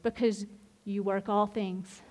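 A woman's voice: medium pitch, slow pace. A middle-aged woman leading a women's Bible study, talking candidly with lots of restarts. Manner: animated and candid, with frequent laughs and restarts. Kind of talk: informal devotional teaching.

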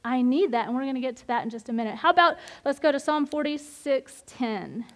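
A woman's voice: high voice, brisk. A middle-aged woman leading a women's Bible study, talking candidly with lots of restarts. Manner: animated and candid, with frequent laughs and restarts. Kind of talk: informal devotional teaching.

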